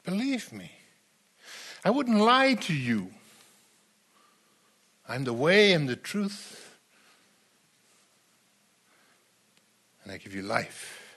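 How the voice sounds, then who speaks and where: Male preacher doing a gentle inviting Jesus, high voice, slow, intimate. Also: big pitch swings, husky, heavily acted. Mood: reassuring.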